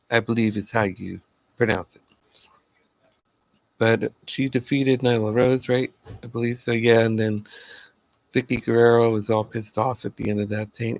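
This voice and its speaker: Male reviewer, casual solo talk, some fry in the voice, dull home mic. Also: medium pitch, moderate pace, pauses often, dry recording. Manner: chatty, laughs at his own jokes. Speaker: wrestling show reviewer.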